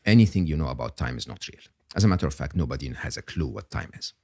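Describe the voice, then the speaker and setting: An older man, a guest on an interview podcast, explaining ideas in an animated, emphatic way and often checking in with "okay?". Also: extremely low pitch, quick pace, no echo, studio quality.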